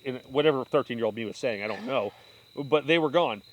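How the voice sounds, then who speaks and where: A man's voice: medium pitch, a little fast, lo-fi sound. A young man, host of a podcast, telling fishing stories in casual chat and acting out voices. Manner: animated, acts out voices in anecdotes. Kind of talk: casual storytelling.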